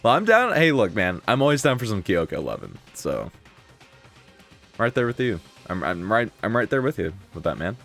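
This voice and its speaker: A man's voice: on the low side, wildly swooping pitch, normal speed, creaky, a bit bright. A young man streaming a visual novel, chatting playfully in slang and reading the game's text aloud. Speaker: game streamer. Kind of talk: casual let's-play chat, reading game text aloud. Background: faint game music.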